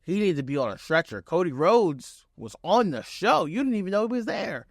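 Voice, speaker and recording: An excited young man recaps a wrestling show in a loose, casual way, jumping into quoted lines with swearing. His voice sounds dry and close, with faint music behind him. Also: sits high, normal speed, no room sound.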